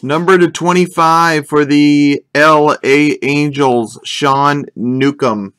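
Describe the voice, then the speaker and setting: A man's voice: mid-range voice, expressive, slow pace, vocal fry, fairly bright tone. A young man chatting casually while opening packs of cards, rambling and joking as he calls out what he pulls. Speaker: card break host. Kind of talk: casual live card-break commentary.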